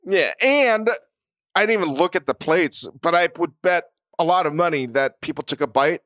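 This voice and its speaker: Male podcast co-host, profane and self-mocking, bright smooth voice, dry studio sound. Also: on the high side, lively intonation, moderate pace, dry recording. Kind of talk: casual chat.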